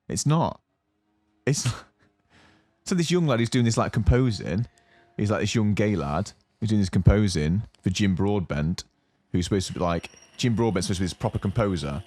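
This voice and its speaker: A young man with a low, deep voice chats casually as a podcast co-host. He rambles through his story with fillers and restarts, getting more animated as he goes. The sound is dry and close. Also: normal speed, no echo. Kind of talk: casual chat.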